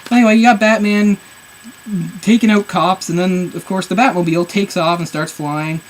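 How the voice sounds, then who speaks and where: A man's voice: high-pitched, fairly even intonation, moderate pace, low-quality recording. A man reviewing a comic book on camera, rambling in an exasperated, sarcastic way. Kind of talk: casual video review.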